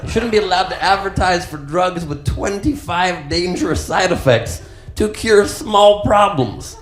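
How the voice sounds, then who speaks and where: A man's voice: high-pitched, animated, unhurried. A male stand-up comedian with a sarcastic, exasperated delivery. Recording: echoey, noisy live club recording.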